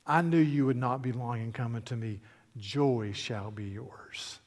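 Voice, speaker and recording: A man voicing a majestic lion king who is gentle but commanding, speaking slowly and solemnly. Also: medium pitch, voice pushed down, close to an everyday voice. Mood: tender. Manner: slow and solemn. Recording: echoey hall reverb.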